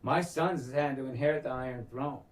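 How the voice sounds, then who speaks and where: Casual co-host, male, animated, swears freely, a bit distant from the mic. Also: medium pitch, fairly quick, a little hiss or hum. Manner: animated, swears a lot, acts out lines. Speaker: podcast co-host. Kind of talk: casual recap chat.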